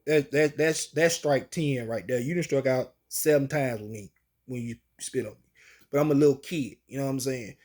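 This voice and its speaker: A man's voice: mid-range voice, normal speed, darkish tone. A man telling a personal story in casual, slangy, colloquial speech.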